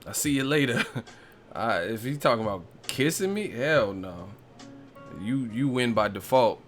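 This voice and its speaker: Man hosting a casual boxing stream: animated, laughs constantly, acts out the quotes, faint music underneath. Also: mid-range voice, a little slow. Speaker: boxing commentary host. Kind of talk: casual live-stream rant.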